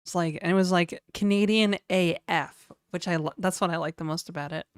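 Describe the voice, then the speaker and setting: Rambling woman streamer reading chat; smooth voice, dry close mic. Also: on the low side, fairly even intonation, brisk, dry recording. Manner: rambling, chatty, reads chat aloud. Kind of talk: casual live-stream chat.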